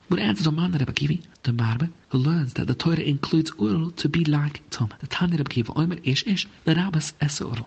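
Male Talmud teacher with a rough, husky and somewhat high voice, who reads each phrase of text and then translates it. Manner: reads a phrase of Aramaic, then explains it in English.

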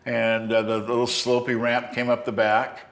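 An older man hosting a podcast, telling a story from his past to a friend in a halting way, full of restarts. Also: mid-range voice, monotone, fairly bright tone, roomy sound. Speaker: podcast host. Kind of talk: storytelling in a conversation.

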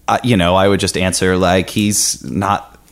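A man with a low, deep voice talks through a story as a podcast guest. He rambles loosely, full of fillers and restarts, and keeps up a casual, chatty tone. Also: fairly even intonation, brisk, smooth.

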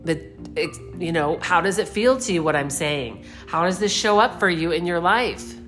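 A middle-aged woman giving a reflective spiritual talk, meandering and unhurried, gently putting questions to the listener. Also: fairly low pitch, expressive, soft background music. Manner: meandering, unhurried, searching for words. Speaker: spiritual speaker.

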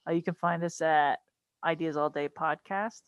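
A woman's voice: deep voice, steady tone, moderate pace, no echo, highs cut off. A woman cohosting a comedy podcast, joking and rambling in casual chat.

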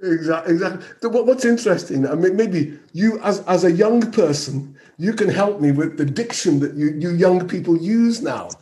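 Male co-host, Liverpool accent, high voice, cuts in eagerly. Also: animated, mellow. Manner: interrupting, quick to apologize. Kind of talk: casual panel chat.

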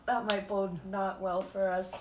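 A woman's voice: medium pitch, level tone, unhurried. A woman playing a tabletop game as a player, playful and a little hesitant. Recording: roomy, noisy recording.

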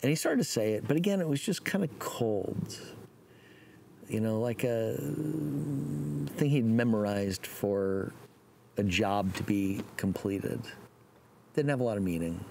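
A man preaching a sermon, praying and telling a story in a relaxed, folksy way with fillers. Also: lowish voice, a little slow, gravelly, a little hiss or hum.

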